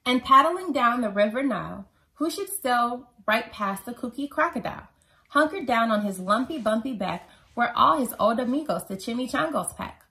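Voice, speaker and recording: A woman reads a picture book aloud to her children in a lively, expressive voice. Her pitch sits a bit high and swoops widely as she brings the story to life. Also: moderate pace. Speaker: mother reading to children.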